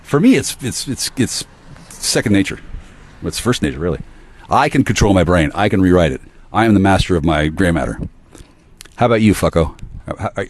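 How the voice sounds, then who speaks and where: A man rants on his own at length, cursing freely and jumping between grumbled asides and heated bursts. His voice sits low but swoops up and down with lively, restless intonation. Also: normal speed. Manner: profane, agitated ranting; swings between muttering and sudden outbursts. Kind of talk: rambling solo monologue.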